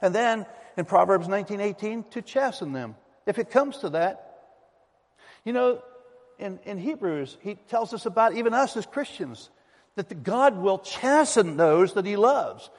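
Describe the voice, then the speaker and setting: A man's voice: sits high, animated, unhurried. A male pastor preaching a sermon to his congregation in an emphatic, folksy storytelling manner. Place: church sanctuary. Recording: long reverb of a church hall.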